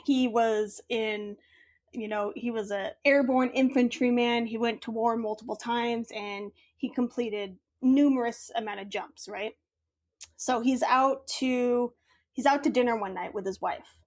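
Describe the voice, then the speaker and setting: A woman's voice: on the high side, measured pace. Laughing woman telling a story. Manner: laughs often, animated retelling. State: a little tired after a workout. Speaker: podcast guest. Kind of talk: casual chat, storytelling.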